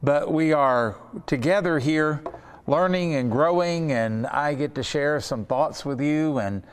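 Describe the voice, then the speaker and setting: A man teaching a Bible study lesson in an earnest way, slowing down to stress key words. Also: a little high, clean tone, big-room sound.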